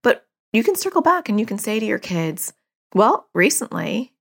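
A woman's voice: medium pitch, sing-song, normal speed, vocal fry, husky. A middle-aged woman, a therapist hosting a parenting podcast, talking in a chatty, self-disclosing way with frequent fillers. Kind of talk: casual advice monologue.

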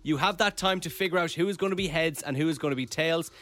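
A man's voice: on the high side, a bit bright. Upbeat man hosting a radio game. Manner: brisk, upbeat presenter. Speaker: radio host running a game.

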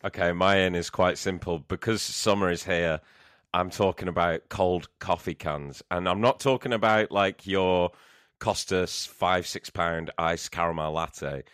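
A man's voice: sits low, fairly even intonation, a little slow, a bit bright, clear, resonant tone, dry recording, studio quality. A man co-hosting a podcast, laid-back and plain-spoken. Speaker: podcast co-host. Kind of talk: casual chat.

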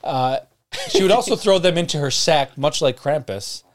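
A man's voice: on the high side, animated, normal speed. A man co-hosting a casual podcast chat, joking crudely and laughing often while he retells a legend. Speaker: podcast co-host.

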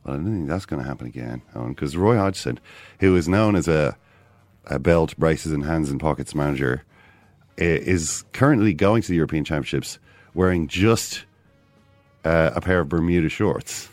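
A man with an Irish accent co-hosting a casual sports podcast, lively and often quoting others. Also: extremely low pitch, moderate pace, no room sound. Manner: animated, quotes others in put-on voices. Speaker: podcast co-host.

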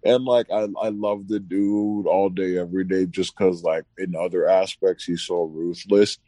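Male co-host, deep dark tone, slangy storyteller. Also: fairly even intonation, moderate pace, no echo. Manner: loose slangy, keeps saying bro. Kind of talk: casual chat, storytelling.

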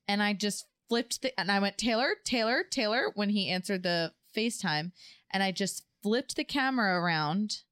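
A young woman co-hosting a podcast, telling a story in a casual, animated way and acting out the quotes. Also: moderate pace, smooth, no room sound, studio quality. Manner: animated, acts out quotes with big pitch jumps. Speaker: podcast co-host.

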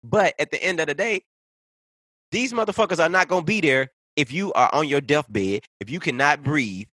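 A man's voice: on the high side, animated, normal speed, bright, forceful tone, dry recording. A man ranting in casual conversation, heated and profane, piling up point after point. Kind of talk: casual podcast rant.

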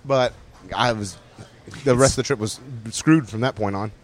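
A man co-hosting a podcast in casual chat, jokey and excitable, laughing often, at a wrestling fan event. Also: mid-range voice, moderate pace. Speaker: podcast co-host.

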